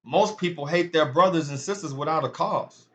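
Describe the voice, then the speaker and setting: A man's voice: a little high, normal speed, a bit bright. A man giving a casual sermon-style Bible lesson, talking to his viewers as family. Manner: conversational, addresses viewers as family. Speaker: online Bible teacher.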